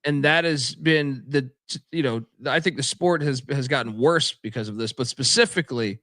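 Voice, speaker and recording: A man's voice: mid-range voice, normal speed, fairly bright tone, no room sound, studio quality. A man co-hosting a sports betting podcast, rambling and profane in loose casual chat. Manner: rambling, profane, lots of fillers and restarts. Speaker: podcast co-host.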